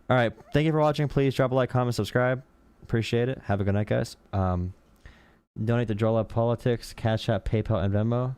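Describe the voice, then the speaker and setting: A man's voice: mid-range voice, a little fast, darkish tone, clear, resonant tone, no room sound. A man hosting a political live stream, rambling and joking as he talks to his chat and thanks donors.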